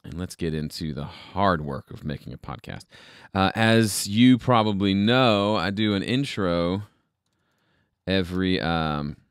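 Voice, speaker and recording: Hosting a casual livestream from his home studio, a man with a low, animated voice rambles and thinks aloud while troubleshooting, tossing in self-deprecating asides. His pace is unhurried, and the recording is clean and dry.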